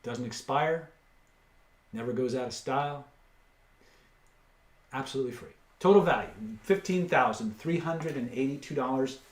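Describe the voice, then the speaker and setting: A man hosting a live online webinar, pitching course bundles and rattling off dollar values in a salesy patter. His voice sits at an ordinary pitch and carries a noticeable room echo. He drops blunt, casual asides between the numbers. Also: moderate pace, pauses often. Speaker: webinar host and seller.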